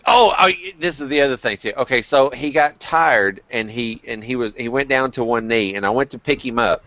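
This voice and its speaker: A man's voice: medium pitch, brisk, sharp tone, dry recording, muffled recording. A man hosting a casual group chat, telling candid, profane stories full of restarts. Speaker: vlog host.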